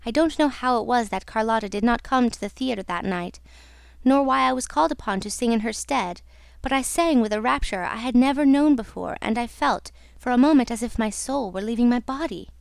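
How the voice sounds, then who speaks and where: A woman's voice: on the high side, brisk, gravelly, no echo, studio quality. A woman reading an audiobook, voicing a young female opera singer who confides her story in an earnest, wistful way.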